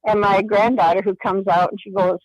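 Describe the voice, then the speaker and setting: An older woman calls in over a dry, close telephone line. She is chatty and tells her story by acting out every back-and-forth in quoted dialogue. Her voice sits at a middling pitch. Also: steady tone, a little fast, no echo. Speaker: caller. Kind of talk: phone-in storytelling. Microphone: phone.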